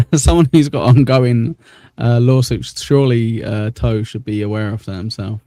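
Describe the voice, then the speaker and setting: A man's voice: medium pitch, steady tone, measured pace, mellow, no room sound. Rambling male livestream host. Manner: rambling, repeats himself, laughs often. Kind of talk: casual livestream commentary.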